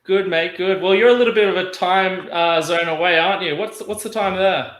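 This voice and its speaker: A man's voice: high-pitched, fairly quick, a bit bright, roomy sound. A man hosting a rum tasting over a video call, chatty and friendly, with many restarts. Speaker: host.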